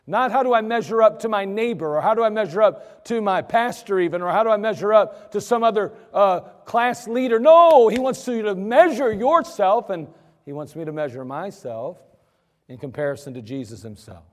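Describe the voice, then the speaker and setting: A man's voice: sits high, normal speed. A man preaching a sermon as pastor, emphatic, acting out the voices he quotes. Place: church sanctuary. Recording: church sanctuary with long reverb.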